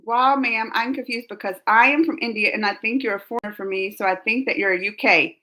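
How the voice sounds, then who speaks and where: High-voiced woman hosting a chatty stream. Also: fairly even intonation, brisk, bright, forceful tone. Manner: reads viewer comments aloud, chatty, laughs often. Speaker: reaction channel host. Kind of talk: casual live reaction chat.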